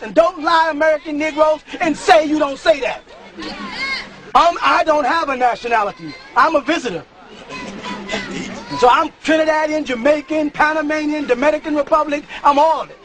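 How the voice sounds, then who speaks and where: A man preaching to a live congregation, emphatic and often breaking into shouts, with chuckles at his own points. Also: very high-pitched, normal speed, over music, crowd noise. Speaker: religious teacher addressing a congregation. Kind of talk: live sermon-style lecture. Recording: live talk with audience murmurs.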